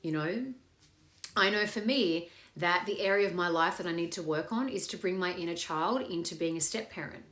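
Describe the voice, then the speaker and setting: A meditation host, a woman with a lowish, fairly bright voice at normal speed, leads a casual live chat into a meditation. She's upbeat and swears freely, and the echoey room carries faint music.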